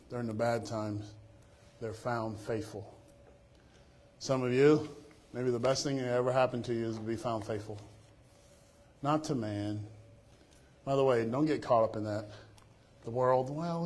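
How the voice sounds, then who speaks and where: A man preaching with real swings in volume, dropping soft and then climbing loud. He tells stories and acts out the people he quotes. His voice sits at an ordinary middle pitch. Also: normal speed, pauses often. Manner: lively storytelling, quoting others in changing voices. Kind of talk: sermon with closing prayer.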